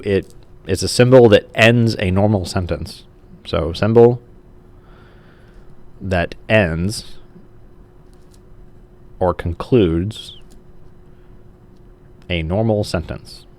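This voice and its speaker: The teacher here has a fairly low voice and a slow pace, pausing often, with no room sound around him. Writing on a page during his recorded grammar lesson, he keeps it casual, saying "like" and checking in with "okay?" His camera mic captures it all.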